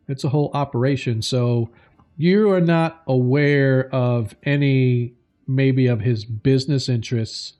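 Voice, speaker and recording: A man narrating a tabletop game as game master, slow and halting with many fillers. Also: mid-range voice, warm tone.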